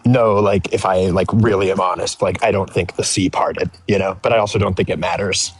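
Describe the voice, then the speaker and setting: A man's voice: sits low, steady tone, fairly quick, a little hiss or hum. Hedging man in his thirties. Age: 30s. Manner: hedging, fills speech with "like". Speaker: caller. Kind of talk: casual call-in conversation.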